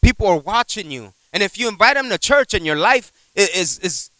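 Lively, bright-voiced male preacher. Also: sits high, fairly quick, no echo, low-quality recording. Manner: animated, acts out voices in his stories; conversational, repeats words, asks amen. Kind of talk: sermon with personal story.

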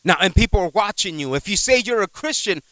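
A man preaching a sermon in a conversational, animated way, telling a personal story, repeating words and asking the congregation for an amen. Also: high voice, fast, dry recording, rough recording. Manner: animated, acts out voices in his stories.

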